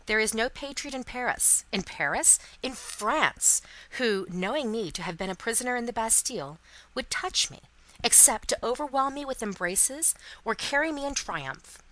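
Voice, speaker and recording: A woman voicing a calm, confident elderly male doctor in a storybook reading, speaking with bold assurance. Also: a little high, normal speed, low-quality recording.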